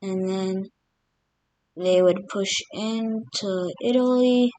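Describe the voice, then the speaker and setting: There's a little hiss or hum as this map video creator narrates in a mellow, medium-pitched voice at a slow pace. She wanders through her commentary, leaning heavily on fillers such as "like" and "literally."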